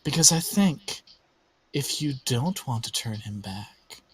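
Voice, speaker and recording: A man voicing a sinister female spirit who tempts and taunts in a soft, coaxing voice. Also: mid-range voice, sing-song, slow, breathy edge, exaggerated voice. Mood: coaxing menace.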